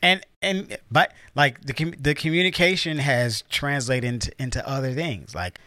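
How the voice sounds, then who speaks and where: A man talking casually with his partner on a podcast, relaxed and rambling with many fillers. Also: medium pitch, moderate pace, dry recording, studio quality. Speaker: podcast co-host. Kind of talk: casual couple chat.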